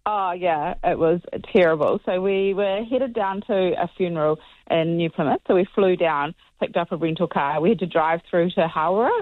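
A woman's voice: fairly low pitch, moderate pace, no room sound. A woman comes through a narrow phone line in a dry, close recording. She tells her story with animation and takes on the voices of the people in it as she goes. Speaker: caller. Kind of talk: casual phone chat.

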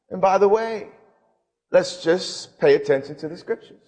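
A man preaching a sermon, impassioned and dramatic, slowing for emphasis and then surging. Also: sits high, expressive, a little mellow. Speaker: pastor. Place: church sanctuary. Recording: live sermon with long hall reverb.

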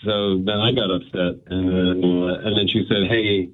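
A male caller on a thin, tinny phone line, stumbling through his story with fillers and restarts. His voice sits fairly low. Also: little pitch movement, moderate pace. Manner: hesitant, full of fillers and restarts, chuckling. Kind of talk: phoned-in conversation.

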